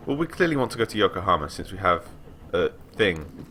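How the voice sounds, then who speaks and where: Deep-voiced, animated young man gaming. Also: fairly quick, slight background noise. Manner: animated, wry asides. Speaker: let's player. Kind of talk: casual game commentary.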